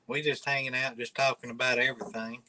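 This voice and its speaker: A man's voice: medium pitch, level tone, fast talker, sharp tone, low-quality recording. A man from northern Alabama with a Southern accent, casually chatting with viewers on a livestream in a laid-back, mumbly drawl. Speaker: livestream host.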